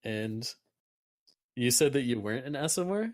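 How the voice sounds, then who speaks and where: A man narrating a tabletop game as game master, casual and quick to laugh. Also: medium pitch, animated, no echo, studio quality.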